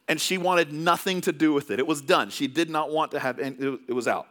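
A man's voice: a little high, fast talker, hardly any pauses, fairly bright tone. A man from California preaching a sermon as pastor, telling stories in a loose, conversational way with many restarts.

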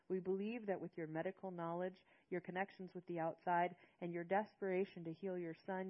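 A loud, lecturing male council leader, as a woman reader puts him on in an audiobook. The voice sits low and stern. The recording has a dull, lo-fi sound. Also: lightly acted.

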